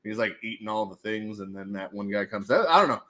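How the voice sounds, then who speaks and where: A man hosting a casual livestream at home, running prize wheel spins in a goofy, animated way and slipping into silly voices. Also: on the low side, brisk. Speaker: livestream host running giveaways.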